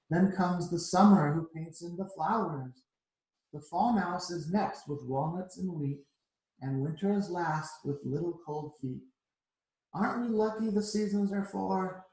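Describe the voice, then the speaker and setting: A gentle, dreamy field mouse poet recites his verses in a slow, sing-song lilt, voiced by a man reading a storybook aloud. The voice sits a little high, and a roomy echo hangs around it. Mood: reciting.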